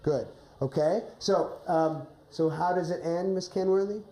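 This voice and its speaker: A woman's voice: lowish voice, measured pace, mellow. A woman coaching a teacher through a classroom drama lesson, giving directions and often checking with "right?". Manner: encouraging, directive, frequent "right?". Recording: roomy classroom recording with faint noise.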